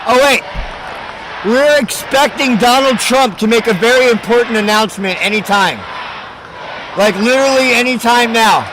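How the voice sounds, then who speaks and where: High-voiced mocking stream commentator man. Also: normal speed, a crowd in the background, background noise. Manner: mocking, laughs often, loud outbursts. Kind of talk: casual live-stream commentary.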